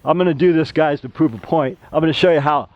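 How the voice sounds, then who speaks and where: A middle-aged man with a slightly high voice talks through a plastering demo in a loose, chatty way and drifts into side stories. The sound is dry and a little dull, with no room echo. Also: fast talker. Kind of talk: casual how-to demonstration.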